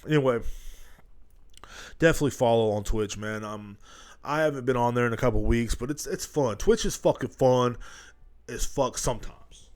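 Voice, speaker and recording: A man's voice: medium pitch, normal speed, long pauses, darkish tone. A man hosting his own podcast, rambling and joking with heavy profanity, recorded at home. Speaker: podcast host. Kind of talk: casual comedic rant. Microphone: studio headphones and mic.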